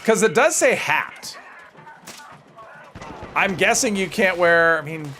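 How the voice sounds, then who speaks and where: Chatty man streaming a game, higher voice. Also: expressive, slow pace, sharp tone, a little hiss or hum. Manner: chatty, rambling, self-deprecating, answers viewer comments. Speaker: gaming livestreamer. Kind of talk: casual livestream commentary while playing.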